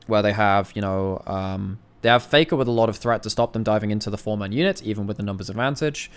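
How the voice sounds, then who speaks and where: A man with a somewhat low voice talks through a recorded match as an analyst. His commentary is casual and unscripted, full of quick restarts and the odd mild curse as he works out what went wrong. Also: smooth. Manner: thinks aloud, rapid restarts, casual swearing. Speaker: esports analyst.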